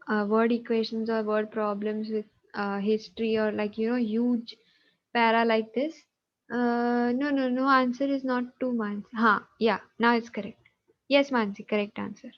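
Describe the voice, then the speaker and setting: A woman's voice: fairly high pitch, highs cut off. A woman math teacher, patiently checking students' answers in an online class over a video call.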